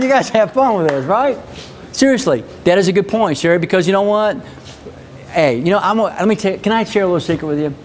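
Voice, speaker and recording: A man's voice: on the high side, slight background noise. A man leading a live sales training, coaching his team with repeated phrases and questions to the room. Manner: energetic, repetitive coaching, asks the audience questions.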